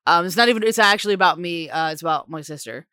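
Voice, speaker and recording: Giggly woman telling a halting story. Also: lowish voice, sharp tone, clear, resonant tone, no echo, studio quality. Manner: giggly, halting storyteller full of ums and likes. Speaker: podcast co-host. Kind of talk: casual chat.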